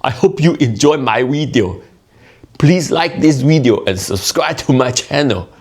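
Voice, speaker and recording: A man putting on a forceful, clipped Cantonese accent, dropping grammar as he talks. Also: mid-range voice, lively intonation, unhurried, breathy edge, pitched above the performer's own voice. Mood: chirpy.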